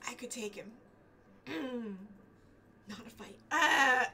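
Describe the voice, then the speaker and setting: A young woman streaming a game live, excitable and gushing with delight at her viewers. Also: a little high, slow pace, long pauses, slightly rough.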